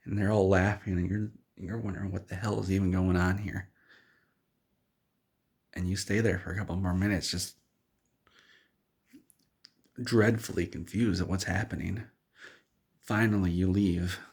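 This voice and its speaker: Deep gravelly male storyteller. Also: normal speed, long pauses. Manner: rambling, deadpan absurd. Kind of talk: second-person storytelling.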